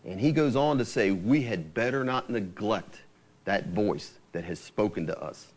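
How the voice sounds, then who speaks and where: A man preaching a sermon, quoting scripture with lively, rising emphasis. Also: fairly low pitch, a little slow.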